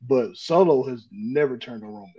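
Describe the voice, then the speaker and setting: A man's voice: medium pitch, expressive, moderate pace, husky, highs cut off. A man co-hosting a casual wrestling chat, building his points step by step as he explains.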